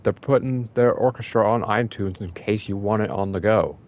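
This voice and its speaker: A man co-hosting a casual gaming chat, rambling and excitable, often breaking into laughs. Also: lowish voice, normal speed, lo-fi sound. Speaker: podcast co-host.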